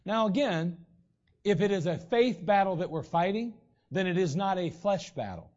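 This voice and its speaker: Male pastor, high-pitched, casual preaching style, muffled recording. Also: lively intonation, normal speed, a little mellow. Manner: conversational preaching with frequent throat clearing. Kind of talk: sermon. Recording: dull lo-fi recording.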